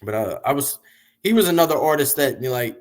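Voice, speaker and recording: A man being interviewed, telling long, animated, profane stories about the music business in a casual way. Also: medium pitch, quick pace. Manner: animated, profane, rambling storyteller. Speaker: interview guest, music industry figure.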